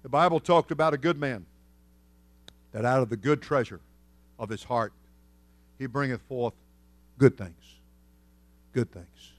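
A man's voice: medium pitch, normal speed, long pauses, dry recording. Folksy preaching man, dry close sound. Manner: folksy storytelling preacher, swings from loud to hushed. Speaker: senior pastor. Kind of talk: sermon.

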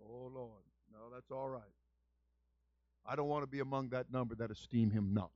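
A male pastor telling folksy stories in a sermon, building to loud, shouted fervor. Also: medium pitch, steady tone, moderate pace, no echo. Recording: muffled lo-fi dry recording.

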